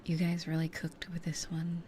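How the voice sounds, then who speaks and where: A young woman streamer in whispered casual chat. She speaks softly into a close binaural ASMR mic and rambles with many fillers. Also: sits low, completely flat delivery, moderate pace, a little hiss or hum.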